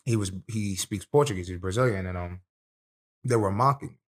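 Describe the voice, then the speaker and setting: Young man, pro fighter, casual podcast talk, streetwise, cussing, animated storytelling. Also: lowish voice, moderate pace. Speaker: professional fighter.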